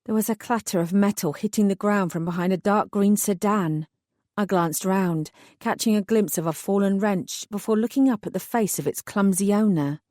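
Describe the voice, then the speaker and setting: A woman narrating a first-person fantasy audiobook in a measured, wry way. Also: mid-range voice, a little mellow, no room sound, clean studio sound.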